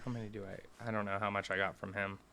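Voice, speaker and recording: A man's voice: on the low side, flat delivery, fast, creaky, pushed and bright, smooth. A man playing a tabletop game, speaking hesitantly and stammering as he decides his moves. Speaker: player.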